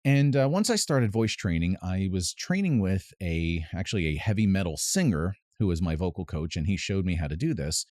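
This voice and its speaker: Male vocal coach, very low voice, dry close sound, casual pedantic explainer. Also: expressive, normal speed, few pauses, a little mellow, no room sound. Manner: pedantic, explains with sung demonstrations. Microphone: close mic with added reverb at times.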